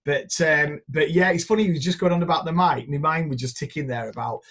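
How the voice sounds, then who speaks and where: This northern English music producer, middle-aged, speaks fast with a slightly high, fairly bright voice. His casual chat drifts into long, rambling stories, and he drops swear words easily along the way.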